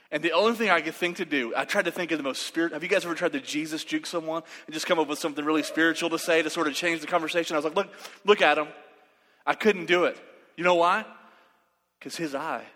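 Lively preacher in a reverberant hall. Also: male voice, a little high. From West Texas. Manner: animated, acts out voices in his story. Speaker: pastor. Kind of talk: sermon with storytelling.

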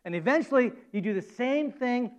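A man preaching a sermon as pastor, animated and acting out quoted voices with rising emphasis. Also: extremely high pitch, moderate pace, lo-fi sound.

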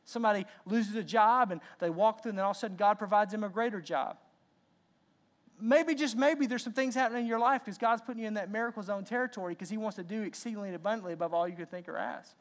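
Animated male pastor preaching. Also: sits high, quick pace. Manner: animated, repeats words, acts out God's lines. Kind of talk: sermon.

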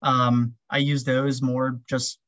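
A man's voice: mid-range voice, little pitch movement, slow pace, a bit bright, no room sound. A man chatting casually as an interview guest, rambling with lots of "um" and "like" fillers. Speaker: podcast guest, ultrarunner.

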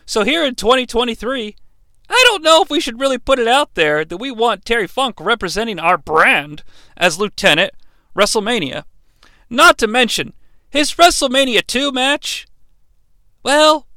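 A man hosting a comedic podcast, talking in an animated, jokey, mock-dramatic way. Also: high voice, clean tone, no room sound, clean studio sound. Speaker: podcast host. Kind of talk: comedic wrestling podcast monologue.

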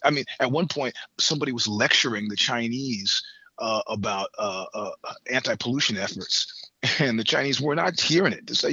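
A man's voice: medium pitch, a little fast, sharp tone, slightly rough, no room sound, highs cut off. A middle-aged man from the United States in casual chat, rambling through stories with swearing and laughter. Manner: rambling, profane, laughs between points. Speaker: podcast guest.

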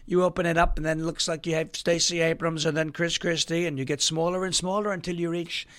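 A man's voice: on the high side, little pitch movement, fast, a bit bright, natural voice. A man doing a boastful politician impression. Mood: boastful, mocking. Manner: bragging, mocking asides.

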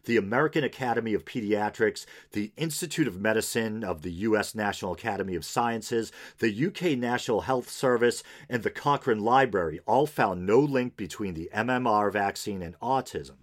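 Deep-voiced man hosting a podcast. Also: moderate pace, hardly any pauses. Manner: casual, reads news aloud with wry asides. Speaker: podcast host. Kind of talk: unscripted podcast commentary.

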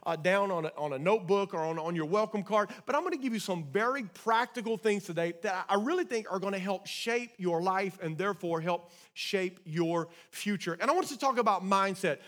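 A man with a notably high voice delivers a church sermon as pastor. He preaches emphatically, circling back to repeat key phrases, and calls out to the congregation for responses. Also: a bit bright.

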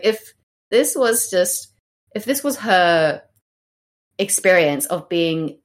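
Woman co-host, casual and profane, hesitant. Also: lowish voice. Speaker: podcast co-host. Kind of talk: casual discussion.

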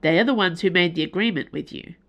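A woman reading a story and voicing a determined female special agent who speaks firmly and briskly. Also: fairly low pitch, a bit bright, dull audio. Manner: firm, brisk. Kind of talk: audiobook character voice.

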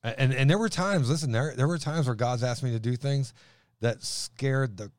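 Easygoing mid-pitched podcast co-host. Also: male voice, moderate pace, no echo, clean studio sound. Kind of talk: casual conversation.

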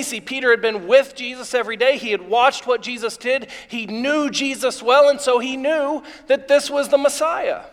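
A man with a very high voice delivers an eager, excitable sermon to his congregation. His words ring out with a long reverb, as in a large church hall. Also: normal speed, few pauses. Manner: enthusiastic, excitable preaching. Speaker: pastor. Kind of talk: live sermon. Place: church sanctuary before a congregation.

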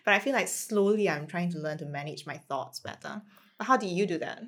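A woman's voice: fairly low pitch, fairly quick, a bit bright. A woman hosting a casual podcast chat, listening supportively and giving frequent short agreements.

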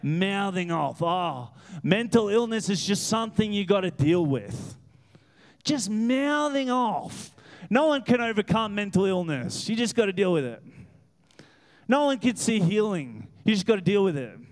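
A man preaching a lively, animated sermon in church as guest pastor. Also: sits high, normal speed. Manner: animated, laughing, acts out voices. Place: church hall with congregation.

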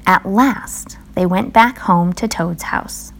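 A woman reading a children's storybook aloud in a slow, even manner. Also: lowish voice, vocal fry.

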